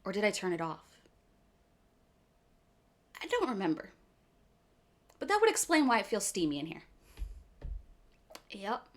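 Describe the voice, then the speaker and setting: A chatty woman with a Philadelphia-area accent talks casually with her stream viewers. Her voice is animated and her pitch sits in the middle of the range. She laughs often and keeps tossing in "okay.". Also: measured pace, pauses often. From US East Coast, outside Philadelphia.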